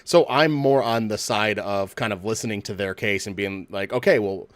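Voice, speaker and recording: A man's voice: on the low side, moderate pace, no echo. Easygoing man chatting over a game. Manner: loose, profane, thinking aloud. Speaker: gamer chatting while playing. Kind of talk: casual chat over game voice chat.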